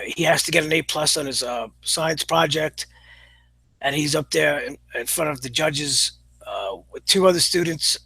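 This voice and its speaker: Male reviewer, slightly high husky voice, halting delivery full of fillers, blunt. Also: sharp tone, no room sound, poor audio. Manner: blunt, opinionated. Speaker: show reviewer. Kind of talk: casual spoken review.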